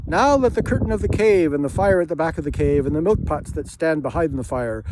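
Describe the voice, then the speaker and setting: A man's voice: fairly high pitch, animated, a little fast, close to an everyday voice. A man voicing a proud, sly, aloof male cat in a storybook reading, cool and scheming. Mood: triumphant. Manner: cool, scheming, wheedling when begging. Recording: hissy home recording.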